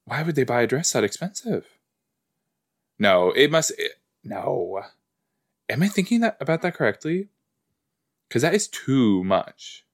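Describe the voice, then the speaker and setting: Reacting aloud to a show as he watches, a man hosting a podcast chats casually and drifts into rambling asides. His mid-range voice is sing-song and measured, with long pauses.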